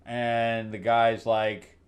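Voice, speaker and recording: A man recapping comic books in a loose, sarcastic ramble. He trips over his words and restarts often, and he trails off dryly at the end of lines. His voice sits at an everyday middle pitch. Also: little pitch movement, drawn-out words, clean tone. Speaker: comic book reviewer.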